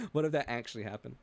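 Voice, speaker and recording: A man's voice: fairly high pitch, vocal fry, fairly bright tone, dry recording. A male streamer telling a rambling story in casual chat, stammering and repeating himself as he goes.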